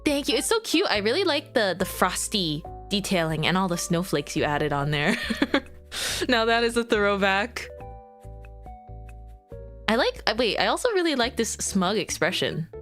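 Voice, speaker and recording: A woman's voice: medium pitch, fairly bright tone. A woman streaming from home, chatting casually to her viewers in a bubbly, giggly way that rambles from one thing to the next. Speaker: VTuber streamer. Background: faint background music.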